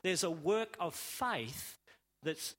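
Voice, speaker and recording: A man preaching a sermon, animated, asking rhetorical questions and repeating phrases for emphasis. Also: fairly high pitch, slow.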